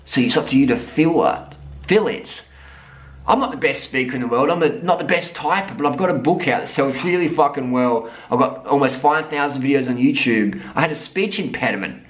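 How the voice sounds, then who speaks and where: A man's voice: medium pitch, low-quality recording. Blunt, swearing Australian man. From South Australia. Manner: blunt, profane, emphatic. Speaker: vlogger. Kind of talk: motivational rant and storytelling.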